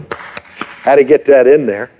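A middle-aged man preaching a sermon, telling stories and shifting between lively and hushed delivery. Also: mid-range voice, takes it slowly, highs cut off. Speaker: pastor.

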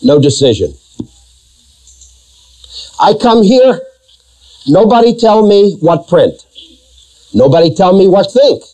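A man voicing a Russian immigrant newspaper editor who speaks in halting, broken English with a Russian accent. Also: high voice, sing-song, mellow, voice pushed up, heavily acted, poor audio. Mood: bewildered. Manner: halting, clipped broken phrases.

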